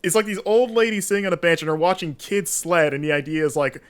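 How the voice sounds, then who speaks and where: A man's voice: a little high, fast, clear, resonant tone. A man co-hosting a podcast in casual chat, asking playful, teasing questions. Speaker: podcast co-host.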